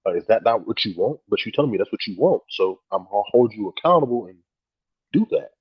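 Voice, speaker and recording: Husky, animated man on a podcast. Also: fairly low pitch, fast talker, lo-fi sound. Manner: animated storytelling, acting out quoted friends; swears freely, many "like" fillers. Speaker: podcast co-host. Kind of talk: casual podcast chat.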